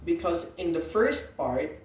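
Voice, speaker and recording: A man's voice: fairly high pitch, big pitch swings. Filipino man lecturing in an echoey room. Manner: explains slowly with questions to students. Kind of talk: recorded lecture. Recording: roomy echo, distant mic.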